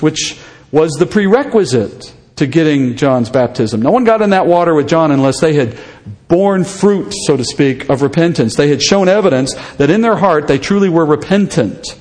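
A man with a fairly high voice preaches a verse-by-verse sermon in an easy, conversational way, often turning questions back to the people listening. His words ring out with a long reverb from a large hall. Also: animated, moderate pace, a little mellow. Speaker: pastor. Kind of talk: expository sermon.

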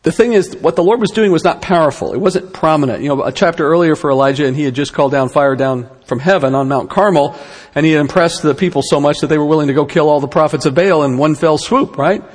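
A man's voice: on the high side, quick pace, in a large hall. A man giving a conversational Bible lesson, with rhetorical questions and wry asides. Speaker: Bible teacher.

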